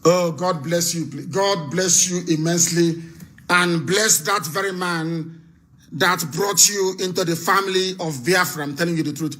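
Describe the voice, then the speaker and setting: A man hosting a live call-in broadcast, speaking in forceful, repetitive oratory. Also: sits high, fairly even intonation, moderate pace. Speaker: host.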